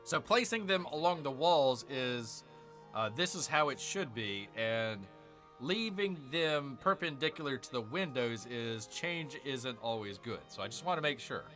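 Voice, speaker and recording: A man's voice: medium pitch, animated, a little slow, pushed and bright, soft background music. A man hosting a gaming channel, chatting casually through a strategy game, repeating himself and calling viewers "people". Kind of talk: casual let's-play commentary.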